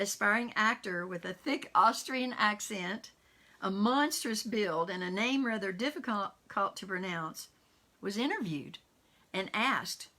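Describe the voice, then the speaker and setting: A woman minister giving an online sermon, talking in a conversational way, laughing softly now and then and weaving in quotations. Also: mid-range voice. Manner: warm conversational preaching with quotes and soft laughs.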